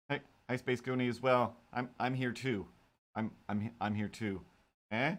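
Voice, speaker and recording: Speaking at a moderate pace in a mid-range voice, this streamer draws cat comics live. His casual chat wanders, full of jokes aimed at his viewers and at himself.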